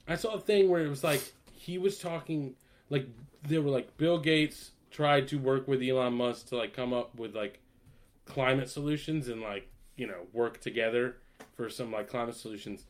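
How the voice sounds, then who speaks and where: A man's voice: medium pitch, normal speed. A man in casual chat, ranting with lots of swearing and laughter. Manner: ranting, profane, laughing often.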